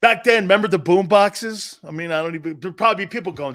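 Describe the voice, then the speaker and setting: A middle-aged man hosting a sports talk show, telling stories loudly, laughing often and acting out what his friends and family said. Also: sits high, quick pace. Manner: loud, laughing, excitable, acts out quotes from friends and family. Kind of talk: animated storytelling on a sports show.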